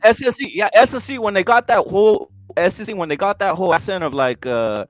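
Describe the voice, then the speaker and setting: Fairly high-voiced man cutting in eagerly. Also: animated, fast talker, dry recording, faint music behind. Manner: slangy, eager, cuts in with repeated words. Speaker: podcast co-host. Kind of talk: casual chat.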